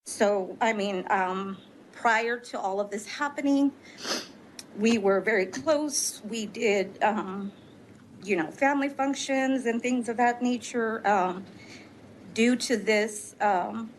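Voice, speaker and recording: A woman giving personal testimony as a witness at a legislative hearing, hesitant and full of pauses and fillers. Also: mid-range voice, slight background noise, rough recording.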